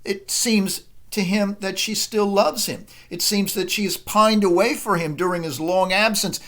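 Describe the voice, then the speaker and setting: A man giving a literature lecture, thoughtful and unhurried, pausing often with uh and um. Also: high-pitched, a bit bright. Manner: thoughtful, with frequent uh and um pauses. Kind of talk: recorded lecture.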